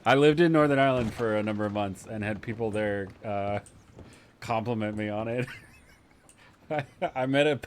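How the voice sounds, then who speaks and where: Low-voiced chatty man streamer. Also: a little hiss or hum. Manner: chatty, rambling, laughs often. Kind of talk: casual chat with stream viewers.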